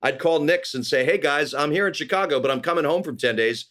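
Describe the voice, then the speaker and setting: A middle-aged man from California, a guest actor telling lively anecdotes in an interview and acting out the people he quotes. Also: a little high, quick pace. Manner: animated anecdotes with voiced quotes. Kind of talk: storytelling interview.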